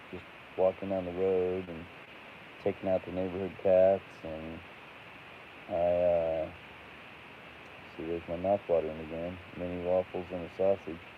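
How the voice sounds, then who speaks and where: A man hosting a casual late-night livestream and chatting with viewers, rambling and halting with lots of fillers. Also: deep voice. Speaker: livestream host. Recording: tinny phone-like audio with faint hiss.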